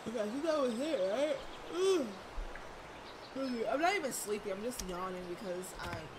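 A woman's voice: fairly high pitch, animated, normal speed, background noise. A young woman streaming a game from home, chatting casually and rambling with lots of fillers. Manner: chatty, bubbly, rambling with many likes and ums. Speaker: gaming streamer. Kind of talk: casual let's-play commentary. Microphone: desk mic with webcam.

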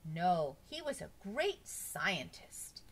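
A woman voicing a brisk schoolteacher in a storybook reading, sounding bright and instructive. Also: lowish voice, very animated, husky, heavily acted. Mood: teacherly. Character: brisk female schoolteacher, correcting. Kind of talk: storybook read-aloud.

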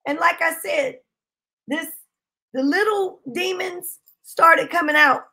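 A woman preaching a sermon, telling a testimony with impassioned shouting bursts. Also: very high voice, slow. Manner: impassioned, shouting bursts, Southern-style speech.

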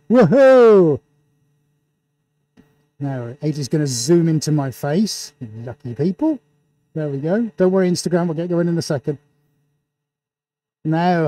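The speaker, a painter running a live stream in an indoor studio, has a voice on the high side. He talks through a face mask and excitedly gives viewer shout-outs like a showman.

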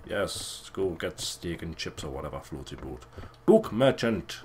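A young man giving casual, crude and excitable commentary over a video game. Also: on the low side, normal speed, slight background noise. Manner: crude, swearing, excitable and joking. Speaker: let's play gamer.

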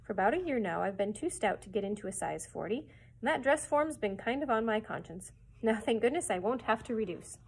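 A stout, motherly housekeeper from a storybook, soothing and homely, voiced by a woman reading aloud. Her tone is comforting and slightly husky. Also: on the high side, animated, a little fast, a little mellow, full character voice, poor audio.

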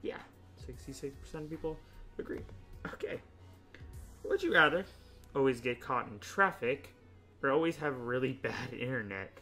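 A young man hosting a casual gaming video, chatting and thinking out loud, often laughing as he rambles through choices. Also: mid-range voice, big pitch swings, moderate pace, long pauses, soft background music. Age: young adult. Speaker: YouTube host playing a choice game.

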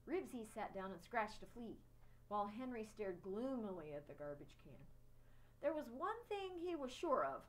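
A woman reading a children's chapter book aloud, expressive. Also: mid-range voice, normal speed, low-quality recording. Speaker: storyteller.

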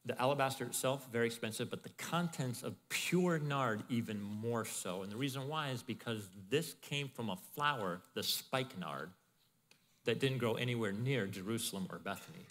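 A male pastor giving a sermon in a conversational, animated way, with asides to the congregation. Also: mid-range voice, normal speed, big-room sound. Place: church in Arizona.

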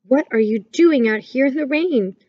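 A woman voicing a cheerful, brave little boy hedgehog in a storybook reading, excited and bouncy. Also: high voice, moderate pace, dull audio, pitched above the performer's own voice. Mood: concerned.

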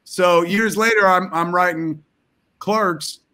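A man's voice: high voice, takes it slowly, sharp tone. A man telling a rambling, profane comic story over a video call.

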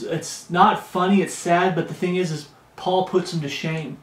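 A male pastor preaching a sermon and reading scripture aloud, talking emphatically and slowing down to stress key phrases. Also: high-pitched, fairly even intonation. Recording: echoey room.

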